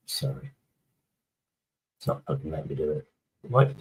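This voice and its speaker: A man's voice: very deep voice, very animated, measured pace, poor audio. A man chatting casually on a live stream, rambling through a story and swearing heavily as he reads the chat.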